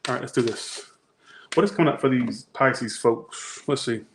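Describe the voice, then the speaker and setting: A man's voice: medium pitch, moderate pace, slight background noise. A man doing a casual tarot reading, chatty and rambling, slangy and often breaking off mid-thought. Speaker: tarot reader.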